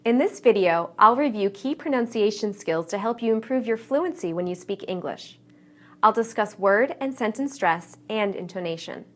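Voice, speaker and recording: A woman teaching English pronunciation in a clear, deliberate, scripted lesson narration. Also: mid-range voice, lively intonation, fairly bright tone. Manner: clear, deliberate teaching delivery with modeled stress patterns.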